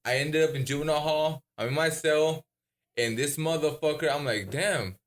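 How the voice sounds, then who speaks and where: A man's voice: fairly high pitch, steady tone, brisk. A man co-hosting a podcast, telling a story in a laid-back, profane way. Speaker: podcast co-host. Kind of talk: casual storytelling.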